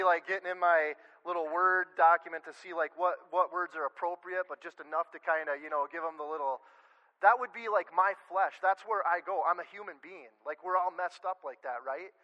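A man's voice: sits high, pushed and bright, highs cut off. A man preaching a casual, earnest sermon, talking conversationally with many fillers and restarts. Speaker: pastor. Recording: long hall reverb.

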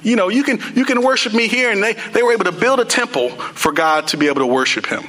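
A man's voice: high voice, animated, fast talker, sharp tone, low-quality recording. A young man preaching a sermon in a casual, conversational way, full of "you know" and "like".

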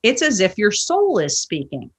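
A woman's voice: medium pitch, wildly swooping pitch, moderate pace, slightly rough. A woman who teaches yoga, a podcast guest telling earnest stories and acting out the dialogue in them. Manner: earnest storytelling, acts out quoted dialogue. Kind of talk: podcast interview.

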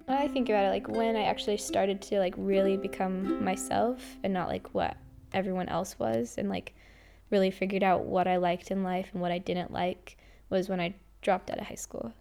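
A woman's voice: mid-range voice, fairly even intonation, normal speed, gravelly, dark tone, soft background music. A young woman from Idaho telling stories about her old jobs, chatty, with many fillers and frequent giggles. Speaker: interviewee. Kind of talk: casual storytelling.

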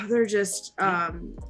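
A woman's voice: mid-range voice, bright, forceful tone. A woman hosting a podcast, retelling a movie plot in casual chat. She rambles in a scatterbrained way and says "like" often. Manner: scatterbrained, rambling, heavy use of "like". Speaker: podcast host.

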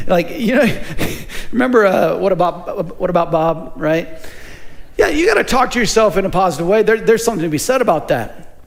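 High-voiced male pastor preaching. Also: animated, normal speed, creaky. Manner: conversational, asks the congregation questions. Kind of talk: sermon.

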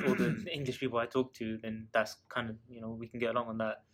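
A man's voice: medium pitch, fairly even intonation, fast, fairly bright tone. A young man co-hosting a casual chat, talking in a rambling way with many fillers and restarts. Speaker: podcast co-host.

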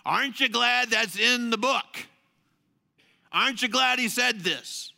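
A male pastor preaching a sermon, telling the story animatedly and swinging between loud emphasis and hushed asides. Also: very high-pitched, measured pace, gravelly.

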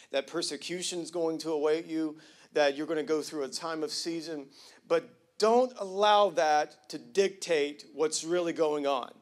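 A pastor preaching to his congregation in a high, lively voice. He talks in casual slang and jokes with the room. He drops almost to a whisper, then climbs loud and emphatic. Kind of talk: sermon.

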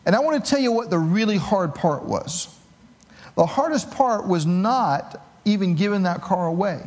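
A middle-aged man preaching a sermon as pastor, telling a personal story with animated, self-mocking humor. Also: sits high, normal speed.

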